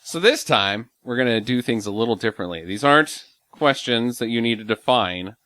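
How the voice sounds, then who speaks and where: A man's voice: medium pitch, lively intonation, moderate pace, bright, forceful tone, no echo. A man hosting a casual movie podcast, upbeat as he runs the segments and a quiz game. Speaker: podcast host and quiz master.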